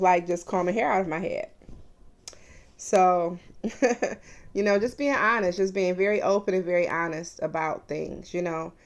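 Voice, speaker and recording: Candid woman in her forties. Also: mid-range voice. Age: 40s. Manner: candid and confiding, addressing viewers as "you guys". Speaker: mukbang vlogger. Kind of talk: casual personal vlog talk.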